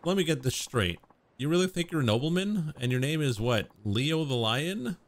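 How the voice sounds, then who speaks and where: A man's voice: fairly high pitch, animated, moderate pace, lightly acted. A man voicing a blunt, exasperated tough guy while reading game dialogue aloud, using sarcastic, slangy talk close to his own voice.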